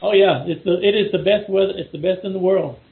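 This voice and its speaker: Texan man, middle-aged guest, gravelly, rambling with restarts, phone-thin audio. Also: high-pitched, fast, narrow, tinny audio. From Texas. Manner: rambling, many restarts and repeated words. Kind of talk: casual chat over a call.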